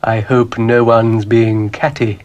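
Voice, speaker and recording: A man's voice: medium pitch, level tone, takes it slowly, dull audio, natural voice. A man doing a gushing, genteel lady cow. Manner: gushing, refined. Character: genteel motherly female cow.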